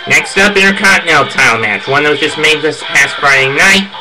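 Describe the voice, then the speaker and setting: A man with a fairly high, animated voice talks briskly through his wrestling event predictions, opinionated and quick to launch into heated rants. The low-quality recording has music playing under his voice.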